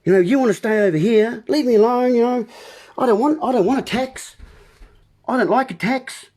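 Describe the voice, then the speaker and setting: A man's voice: very high-pitched, a little fast, a little mellow. A man delivering a rambling monologue as host, full of playful wordplay and talking straight to the listeners as folks.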